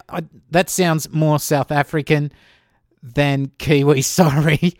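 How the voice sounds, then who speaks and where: A man hosting a podcast, chatting casually and rambling with dry, dark humor. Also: fairly high pitch, fairly even intonation, slow pace, no room sound. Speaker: podcast host.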